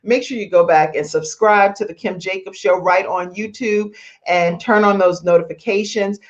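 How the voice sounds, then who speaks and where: A woman's voice: medium pitch, steady tone, normal speed, dull audio. A woman hosting an online talk show, chatty and playful, laughing between asides to her viewers. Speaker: host.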